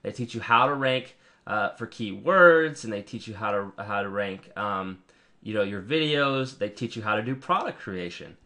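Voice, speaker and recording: A man giving a casual, rambling review of marketing software while clicking through it on screen, with frequent ums and restarts. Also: on the low side, expressive, moderate pace. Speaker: product reviewer.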